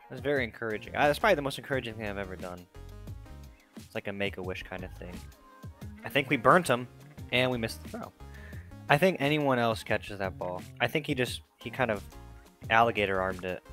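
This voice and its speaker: A man's voice: mid-range voice, brisk, fairly bright tone, faint music behind. A young man giving casual, sarcastic play-by-play commentary on his football video game, swearing often. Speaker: gaming video host.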